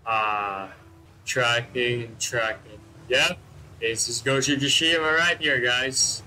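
A man giving excitable let's-play commentary, swearing constantly and joking about the characters on screen. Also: medium pitch, slow, faint music behind, poor audio. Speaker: gameplay commentator.

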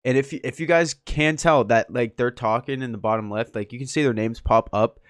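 Young male gaming commentator, rambling and laid-back, breaking into excited laughter and callouts. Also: medium pitch, normal speed, no room sound, studio quality. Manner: excitable, laughing, lots of "dude" and "yo"; soft-spoken and rambling in the intro. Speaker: gaming YouTuber. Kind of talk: casual gameplay commentary.

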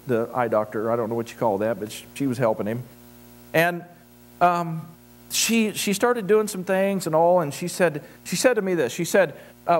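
A middle-aged man preaching a sermon as pastor, praying and then telling folksy personal stories, often repeating words as he restarts. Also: fairly high pitch. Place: church sanctuary.

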